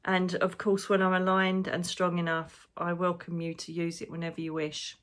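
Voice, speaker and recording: A woman's voice: lowish voice, monotone, normal speed, a bit bright. A woman, a psychic medium, talking through her predictions in a rambling, emotional, casual way and swearing now and then. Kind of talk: casual spiritual monologue.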